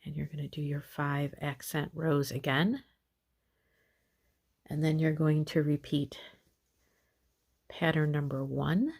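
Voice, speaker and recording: A woman with a low, slightly gravelly voice takes her time teaching a crochet pattern, going over each step again with patience and sprinkling in relaxed filler words. Her pitch barely moves, and her tone is a touch mellow.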